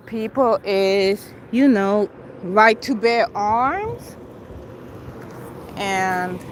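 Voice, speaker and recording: A woman's voice: medium pitch, background noise. A middle-aged woman hosting a rambling livestream outdoors, chatting to viewers by name and jumping between opinions as she walks city streets. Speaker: livestream host. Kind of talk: rambling livestream chat while walking.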